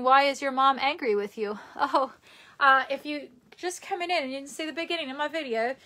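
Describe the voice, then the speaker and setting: A woman's voice: sits high, sharp tone. A young woman with a New York accent, rambling chattily while she chats on a livestream and reads out comments. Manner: rambling and chatty, with many fillers and laughs. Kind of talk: casual livestream chat reading comments.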